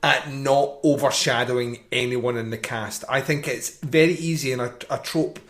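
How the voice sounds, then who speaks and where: A man's voice: mid-range voice, steady tone, moderate pace, a bit bright. Chatty, laughing male film podcaster. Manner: enthusiastic, laughs often, restarts sentences. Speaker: podcast co-host. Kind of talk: casual film chat.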